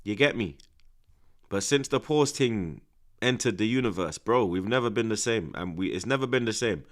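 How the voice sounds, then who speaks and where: A young man giving excitable, slang-heavy live commentary on a football match, dropping to hushed mutters and bursting into loud outbursts. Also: on the low side, normal speed. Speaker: football watch-along streamer.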